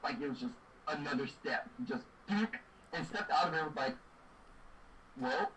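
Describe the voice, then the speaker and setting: A young man co-hosting a podcast, telling stories in a laughing, animated way. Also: a little high, brisk. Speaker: podcast co-host. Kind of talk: casual storytelling chat. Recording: distant mic with noise behind.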